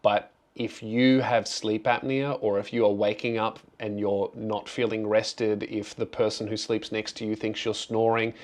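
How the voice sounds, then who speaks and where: A young man talks openly in a relaxed question-and-answer chat, sincere and thankful. He often restarts his sentences and circles back as he works out what he wants to say. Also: on the low side, unhurried, few pauses. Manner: earnest, grateful, rambling with restarts. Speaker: comedian and channel host. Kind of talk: casual, candid Q&A talk.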